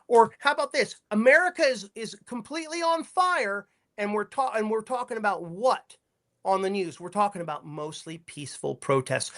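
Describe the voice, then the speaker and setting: A man's voice: sits high, a bit bright. Man on a heated, swearing rant. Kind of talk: livestream chat, profane rant.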